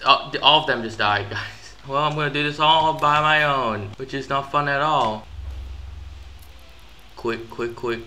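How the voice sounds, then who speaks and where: A man giving live gameplay commentary, excitable and easily frustrated, with sudden yelps and outbursts. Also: mid-range voice, unhurried, pauses often. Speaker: gaming YouTuber.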